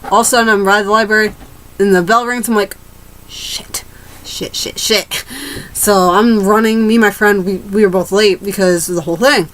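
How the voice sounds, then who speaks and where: A woman's voice: mid-range voice, fairly even intonation, quick pace, a bit bright, rough recording. A teenage girl ranting to camera in a rambling, casual way, restarting her sentences and swearing freely. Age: teens. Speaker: vlogger.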